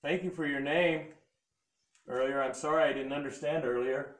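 A man on a paranormal investigation, gently asking repeated questions to a spirit. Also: a little high, fairly even intonation, moderate pace. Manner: coaxing, asks soft repeated questions. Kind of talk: talking to a spirit during an investigation. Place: old log cabin museum indoors. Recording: roomy, noisy field recording.

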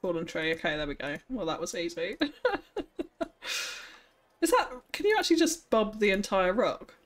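A woman's voice: mid-range voice, animated, normal speed. A woman streaming a city-building game, chatting casually and thinking aloud, with frequent laughs. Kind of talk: casual live-stream commentary while building.

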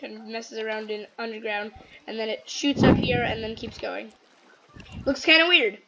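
A woman's voice: a little high, level tone, moderate pace, vocal fry, muffled recording, noisy background. A female gameplay host chatting casually and rambling to herself as she crafts. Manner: rambling, talks to self while crafting. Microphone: computer microphone. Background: television playing in the house.

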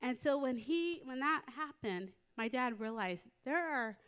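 High-voiced woman preaching a sermon. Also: a little slow, clear, resonant tone. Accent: American. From United States. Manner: lively storytelling, rising to emphatic exhortation. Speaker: women's conference speaker. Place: church sanctuary.

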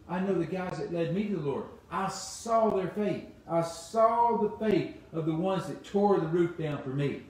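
A man pastor preaching with emphasis, repeating his phrases and swinging between loud and soft. His voice sits fairly high for a man. He is heard from some distance in a church full of echo. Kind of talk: sermon. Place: church sanctuary. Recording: very echoey church hall, voice from a distance.

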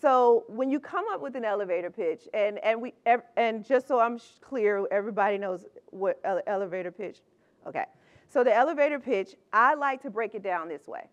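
A woman's voice: fairly high pitch, lively intonation, brisk, lo-fi sound. A middle-aged woman giving a chatty, upbeat conference talk, laughing often between her points. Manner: upbeat, conversational. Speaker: conference speaker.

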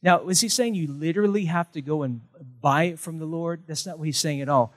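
A man's voice: on the high side, fairly quick. A male pastor, preaching a sermon with emphatic, punchy repetition and light jokes.

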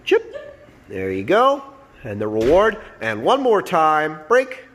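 Man coaching with lively, rising pitch. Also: unhurried, a little hiss or hum. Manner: explanatory, coaching, frequent "all right?" and "okay?" check-ins. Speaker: dog trainer. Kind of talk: instructional narration over demonstration.

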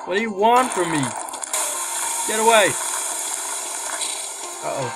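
A man giving gameplay commentary, excitable, shouting and squealing in reaction to the game. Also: sits high, slow pace, noisy background. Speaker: let's play gamer. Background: game music.

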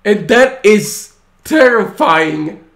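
A man with a very high voice delivers an exasperated, profane rant to his channel. He rambles, trips over words and restarts his sentences. The recording carries a clear echo from the room. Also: lively intonation, very slow, a bit bright. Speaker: channel host. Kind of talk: ranting monologue.

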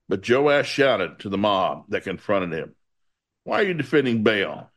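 A man's voice: lowish voice, fairly bright tone. A man preaching through a Bible passage, reading it aloud and breaking off into folksy asides.

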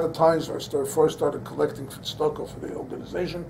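Older male rabbi, mellow higher voice, storytelling lecture turning fervent, faint room hiss. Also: fairly even intonation, quick pace, vocal fry, rough recording. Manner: storytelling, then fervent preaching with rising emphasis; sprinkles Hebrew and Yiddish-inflected terms. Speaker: rabbi teaching a class. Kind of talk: Torah lecture.

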